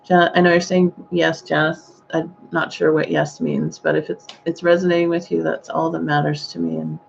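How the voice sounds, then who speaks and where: A woman giving a live-streamed psychic reading, speaking gently and hesitantly with frequent sighing exclamations. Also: low voice, level tone, moderate pace, creaky, highs cut off, slight background noise. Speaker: psychic medium.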